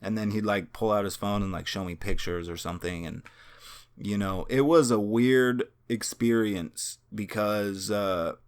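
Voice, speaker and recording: Young guy vlogging, lowish voice, rambly and earnest, lots of "you know what i mean" and cussing. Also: fairly even intonation, a little slow, clear, resonant tone. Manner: rambling, full of fillers and swearing; earnest, searching for words. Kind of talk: casual personal storytelling.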